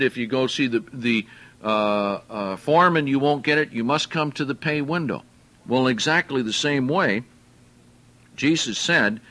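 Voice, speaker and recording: Slow, bright-voiced man teaching a sermon. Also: medium pitch. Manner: slow, deliberate, explains Greek words and asks the listeners questions. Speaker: preacher.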